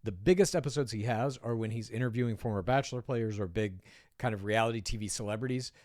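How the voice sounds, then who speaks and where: A man's voice: fairly low pitch, quick pace, a little mellow, no echo, studio quality. A man giving casual, wry commentary while reading an article aloud, often drifting off on tangents and swearing now and then. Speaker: pop culture commentator.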